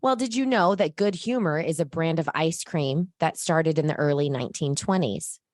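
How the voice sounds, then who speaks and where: A woman's voice: low voice, normal speed, no echo, clean studio sound. Upbeat woman hosting a podcast. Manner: upbeat, playful interviewer. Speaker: podcast host. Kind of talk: casual chat.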